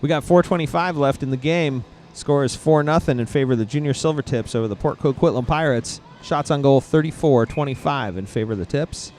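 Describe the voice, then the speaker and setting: A man's voice: medium pitch, a little fast, hardly any pauses, darkish tone, a little hiss or hum. A man adding color commentary and game updates to a youth hockey broadcast. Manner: chatty, adds game facts and banter.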